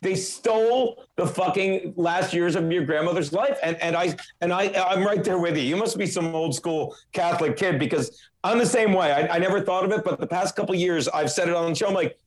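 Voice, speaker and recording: A man with a notably high-pitched voice chats on a podcast. He is blunt and profane, swearing freely and joking around with his guest. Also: brisk. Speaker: podcast host. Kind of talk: casual podcast chat.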